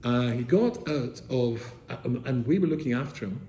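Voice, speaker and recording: An older man from England, a rabbi telling stories to seminary students, animated, with rhetorical questions, swinging from loud to soft. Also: medium pitch, normal speed. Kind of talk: storytelling talk to students. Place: seminary room, indoors. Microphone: camera he set up himself. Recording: echoey room with faint noise.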